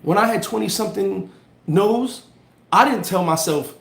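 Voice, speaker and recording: A man's voice: sits high, normal speed, vocal fry, roomy sound. Slangy man livestreaming motivation. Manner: animated storytelling with street slang; reads and answers viewer comments. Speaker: livestream host giving motivational talk. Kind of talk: casual motivational live chat.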